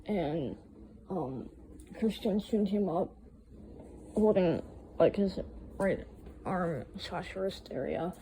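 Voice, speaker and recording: A woman's voice: on the low side, takes it slowly, long pauses, mellow, slight background noise, poor audio. A young woman casually recounting a night from her own life, blunt and swearing freely. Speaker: storyteller. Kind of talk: casual first-person storytelling.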